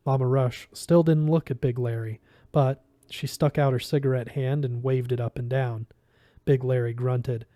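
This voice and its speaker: A man reading a novel aloud in a steady first-person narration. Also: mid-range voice, no echo, clean studio sound. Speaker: reader.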